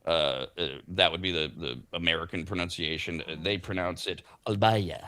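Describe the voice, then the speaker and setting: A man's voice: sits low, steady tone, brisk, pushed and bright, no echo. A man hosting a morning talk show, chatting and joking while reading out food news. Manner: chatty, jokey, reads product news aloud. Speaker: parent. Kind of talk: casual morning radio banter.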